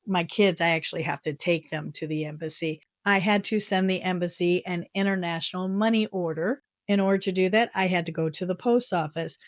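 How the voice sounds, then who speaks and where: A woman's voice: on the low side, fairly quick, few pauses, no room sound, studio quality. Exasperated American woman telling a story. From United States. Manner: animated, exasperated storytelling with laughs. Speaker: vlogger. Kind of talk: casual vlog storytelling. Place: her home in Japan.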